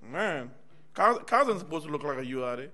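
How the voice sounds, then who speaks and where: Man preaching in a church, fairly high voice. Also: big pitch swings, a little fast, bright, forceful tone. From United States. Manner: conversational, calls out "amen" and "y'all" to the congregation. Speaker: minister. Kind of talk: personal testimony sermon.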